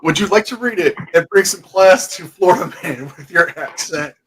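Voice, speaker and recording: A man's voice: high-pitched, moderate pace, a bit bright, slightly rough, low-quality recording. A man hosting a casual chat, reading out news headlines playfully. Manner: playful, reads headlines aloud. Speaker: host.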